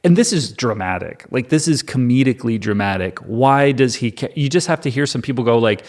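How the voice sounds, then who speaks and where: A man's voice: mid-range voice, lively intonation, fairly quick, few pauses, darkish tone. A man hosting a video about the Bible, speaking in a casual, amused, conversational way with lots of "like"s. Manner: amused, conversational, with many filler "like"s. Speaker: Bible-reading YouTuber. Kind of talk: casual commentary.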